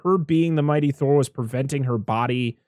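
A man's voice: mid-range voice, moderate pace, darkish tone, no room sound, clean studio sound. A man in casual conversation about a movie, rambling, with many restarts and acted-out quotes.

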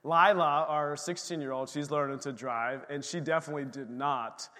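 Pastor guy preaching, high voice, lots of energy and jokes, big echoey church. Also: moderate pace. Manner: animated preaching with asides and humor. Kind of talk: sermon. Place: church sanctuary. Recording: long hall reverb from a church room.

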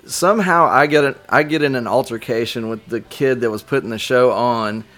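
A man in casual podcast chat, telling old tour stories with lots of swearing and loud acted-out quotes. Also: medium pitch, brisk, soft background music. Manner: animated, swears a lot, acts out quotes loudly. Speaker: podcast guest, former band member.

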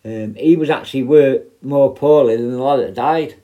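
A man's voice: mid-range voice, moderate pace, lo-fi sound. A man, a former prison officer, telling rambling, heavily sweary stories in casual talk. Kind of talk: casual spoken storytelling.

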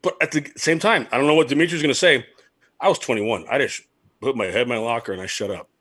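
A man's voice: medium pitch, quick pace, breathy edge, no echo. A man who hosts a casual sports talk show and once played pro baseball, rambling and mocking himself as he tells stories. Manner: rambling, self-mocking, animated storyteller. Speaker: podcast host, former pro baseball player.

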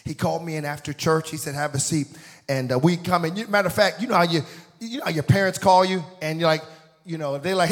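Storytelling preacher who builds to shouts. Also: male voice, on the high side, brisk. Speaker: pastor. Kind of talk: sermon.

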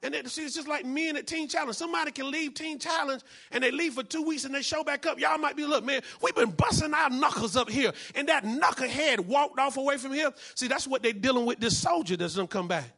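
A man preaching a fiery sermon as a pastor, breaking into shouts, repeating his key phrases and acting out the people in his stories. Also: very high-pitched, fast, hardly any pauses. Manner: acts out the people in his story.

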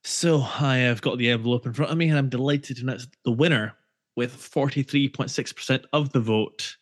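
A man's voice: medium pitch, a little fast. A man co-hosting a football podcast, trading dry, wry banter. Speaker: podcast co-host.

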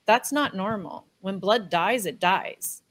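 A woman's voice: mid-range voice, slow pace, a bit bright. A woman speaking earnestly and hesitantly in casual conversation, searching for words.

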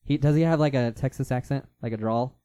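A man co-hosting a casual chat, chatty and quick to jump in. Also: medium pitch, warm tone.

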